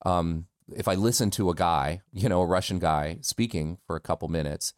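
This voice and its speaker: A man's voice: deep voice, moderate pace, clean tone, no echo, studio quality. A man from the United States, a voice actor talking candidly and self-deprecatingly as a guest in a casual interview.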